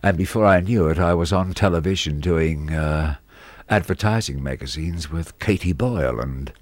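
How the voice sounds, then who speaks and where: A man's voice: low-pitched, moderate pace, no room sound. An Australian man who works as a radio disc jockey, telling stories from his career in an interview and acting out the people in them. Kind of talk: anecdotal storytelling in an interview.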